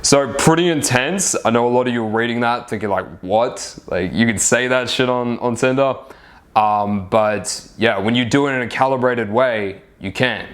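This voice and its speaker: A man's voice: mid-range voice, moderate pace. Man, dating coach, casual advice talk, chatty, mid-range voice, peppers lines with "right?". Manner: chatty, frequent "right?" tags and swearing.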